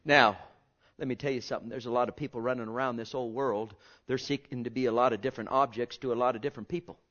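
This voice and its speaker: A man preaching a sermon with passion, swinging from hushed, drawn-out words to loud cries. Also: medium pitch, fairly even intonation, muffled recording.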